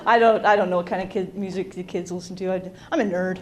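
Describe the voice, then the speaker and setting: A woman's voice: fairly low pitch, fairly even intonation, fast talker. A woman from Utah doing a self-deprecating stand-up comedy set on a club stage, teasing the audience. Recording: live club with loud crowd noise.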